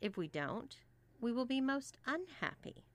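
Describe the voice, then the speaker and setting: A woman voicing a bossy young college woman who lays out rules in a calm, clipped, commanding way, read as an audiobook. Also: high-pitched, a little slow, no room sound, voice pushed up. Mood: stern.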